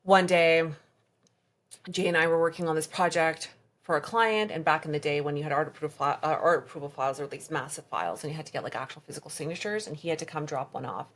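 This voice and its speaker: A woman as a podcast guest recounting a personal story in conversation, halting and reenacting past dialogue. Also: low voice, a bit bright.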